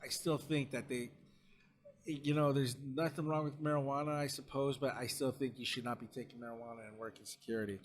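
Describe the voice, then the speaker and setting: Man, casual podcast co-host, excitable storyteller, swears a lot, mid-pitched voice. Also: fairly quick. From United States. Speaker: podcast co-host, security supervisor. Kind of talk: casual chat.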